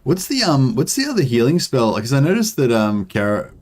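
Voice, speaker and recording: A man's voice: mid-range voice, big pitch swings, a little fast, darkish tone. A young Australian man streaming a strategy game, thinking aloud in a rambling, filler-heavy way while answering chat. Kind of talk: casual gameplay commentary, answering chat.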